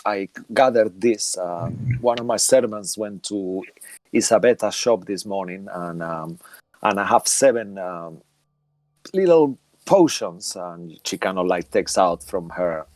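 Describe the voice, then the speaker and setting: A man with a low voice narrates a tabletop role-playing game as game master. He speaks hesitantly with frequent fillers, and the sound is dry and close. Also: measured pace, no room sound.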